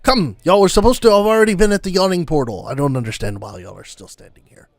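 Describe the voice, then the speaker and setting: A man voicing an eccentric, well-traveled older male author who fusses and beckons in a higher, sing-song voice. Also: animated, quick pace, no echo, studio quality. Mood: fussy. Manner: fussy, beckoning, mutters to himself.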